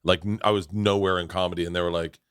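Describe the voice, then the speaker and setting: A podcast host with a somewhat low voice rambles through comic anecdotes in loose, animated chat. He keeps jumping into quick impressions of other people. He is recorded dry and close on a studio mic. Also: clean tone, dry recording. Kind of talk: casual comedic podcast chat.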